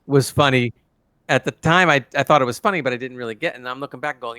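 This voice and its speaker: A man co-hosting a TV review chat, animated and acting out scenes in quoted voices. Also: medium pitch, fast, clear, resonant tone, dry recording. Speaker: co-host reviewing a TV episode. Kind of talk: casual chat.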